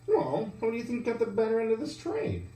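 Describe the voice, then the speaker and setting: A man hosts a spoof hockey talk show with a dry, teasing edge. His pitch swings up and down as he talks. The sound is roomy and picked up from some distance. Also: wildly swooping pitch, brisk, dark tone. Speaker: sports show host. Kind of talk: mock sports talk show comedy.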